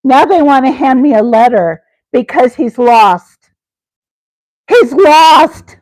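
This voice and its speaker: Woman live stream host, high and unhurried, giggly, chatty with viewers, dry close sound. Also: lively intonation, mellow, dry recording, low-quality recording. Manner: giggly, addresses chat viewers by name. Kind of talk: rambling comedic live chat.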